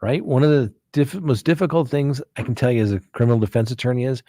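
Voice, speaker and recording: A man's voice: medium pitch, fast, mellow, no room sound, studio quality. A man hosting a live show as a criminal defense attorney, talking casually in a folksy way with frequent "right?" asides. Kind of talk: casual live-stream talk.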